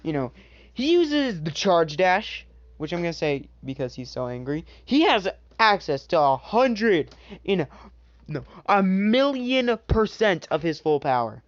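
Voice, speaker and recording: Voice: medium pitch, big pitch swings, measured pace. A storyteller improvising a fan-made what-if story, rambling with many filler asides. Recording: dull lo-fi recording.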